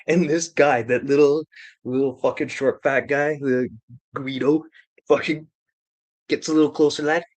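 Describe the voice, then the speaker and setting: A man's voice: a little high, steady tone, unhurried, no echo. Man, casual streamer, rambling and profane storyteller, dry close mic. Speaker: renovation contractor.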